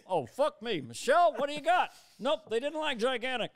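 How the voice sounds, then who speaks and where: A man doing an impression of a former male president who is folksy and pushy, with halting, drawn-out phrasing and sudden high shouts. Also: sing-song, full character voice. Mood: pushy, playful.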